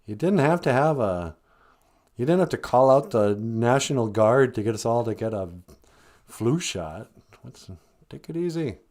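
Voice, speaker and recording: A man's voice: mid-range voice, lively intonation, measured pace, darkish tone. A man hosting a comedy podcast, talking in a dry, sarcastic way. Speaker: podcast host.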